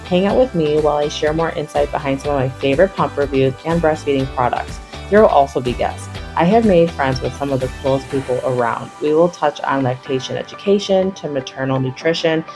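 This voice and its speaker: A woman hosting a podcast, reading a welcoming, upbeat scripted intro to her show. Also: deep voice. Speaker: podcast host. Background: faint background music.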